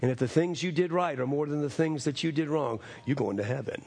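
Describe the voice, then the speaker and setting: A middle-aged man preaching a sermon as pastor, swinging between raised, emphatic lines and low, drawn-out phrases. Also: a little mellow.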